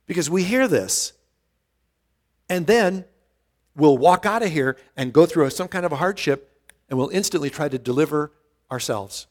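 A man preaching a sermon as pastor, earnest and emphatic, repeating his key points and often restarting his phrases. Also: a little high.

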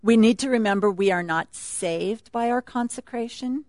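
A woman's voice: a little high, moderate pace, darkish tone, dry recording. A woman speaking at a retreat, teaching a Bible passage in a chatty, laughing sermon style.

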